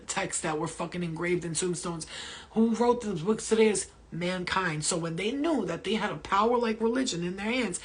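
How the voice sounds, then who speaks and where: A woman healer answering viewer questions in a casual spiritual talk, blunt and profane, telling stories. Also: lowish voice.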